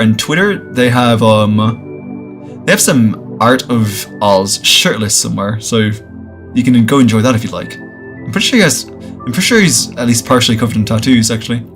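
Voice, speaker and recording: A man playing a visual novel, reading its text aloud with jokey, casual asides. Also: mid-range voice. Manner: casual, jokey asides between read lines. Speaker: game streamer.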